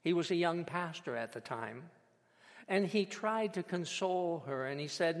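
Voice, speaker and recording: A man preaching a sermon as a pastor, measured and emphatic, with dramatic pauses. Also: sits high, lively intonation. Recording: long hall reverb.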